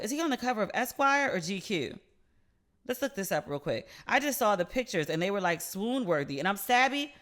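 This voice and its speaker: A woman's voice: medium pitch, fairly bright tone. A woman hosting her own podcast, chatting casually and animatedly, acting out both sides of a conversation with plenty of swearing. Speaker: podcast host. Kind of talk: casual solo podcast chat.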